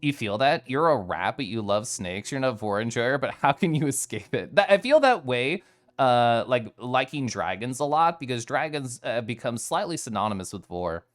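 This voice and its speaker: Animated, giggly male streamer. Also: medium pitch, moderate pace, soft background music. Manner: animated and giggly, playful voice swings. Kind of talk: casual chat with stream chat.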